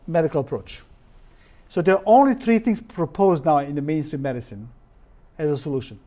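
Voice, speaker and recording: A man giving an informal lecture as a naturopathic doctor, halting with many fillers and restarts, often turning to the audience with rhetorical questions. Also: fairly high pitch, a little mellow.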